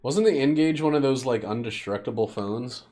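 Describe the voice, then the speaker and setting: A man's voice: mid-range voice, normal speed, warm tone. A young man streaming a game, rambling and joking profanely as he plays. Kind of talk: casual gameplay commentary.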